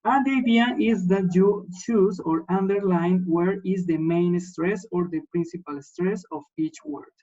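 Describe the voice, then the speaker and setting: A man teaching an English class online, explaining slowly and checking in with his students after nearly every sentence. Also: sits high, darkish tone, highs cut off. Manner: patient, repeats words and checks in with "yes?".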